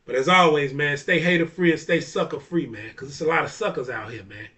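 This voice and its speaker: Man, casual profane monologue, bright forceful voice, a bit off-mic. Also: a little high, brisk, recorded from a distance. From Chicago area. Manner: blunt, profane, laughs often, repeats "you know what I'm saying". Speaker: barber and DJ hosting a talk video.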